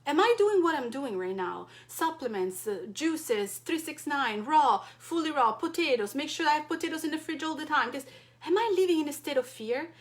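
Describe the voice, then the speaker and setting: A European wellness coach with a high, animated voice speaks at normal speed, addressing her support group directly to camera. She's passionate and impassioned, firing off plenty of rhetorical questions.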